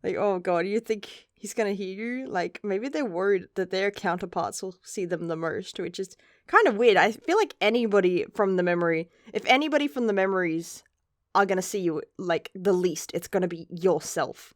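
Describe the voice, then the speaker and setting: A woman reviews a chapter in a loose, chatty way, rambling and swearing casually. Her voice sits at a middle pitch, and the recording is dry and close. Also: normal speed, no room sound. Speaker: manga reviewer.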